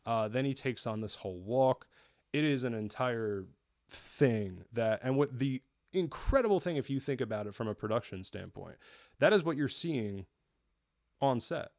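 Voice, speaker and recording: A man's voice: mid-range voice, lively intonation, moderate pace, a little mellow, dry recording, studio quality. Rambling New guy reviewing a show. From New York area. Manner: rambling, self-correcting, enthusiastic. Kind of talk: casual review chat.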